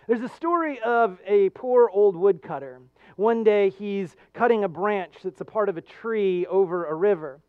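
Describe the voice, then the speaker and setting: A male American pastor preaching a sermon with earnest storytelling and animated jokes. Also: high voice, a little slow, smooth, dry recording, phone-quality sound.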